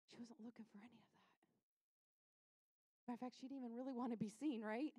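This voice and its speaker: A woman pastor preaches with a fairly high voice, chatty and animated. She slips into quick voices for the people in her story. The sound is dry and close, with no room around it. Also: no room sound. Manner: conversational, says "like" and "right?" often. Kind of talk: sermon.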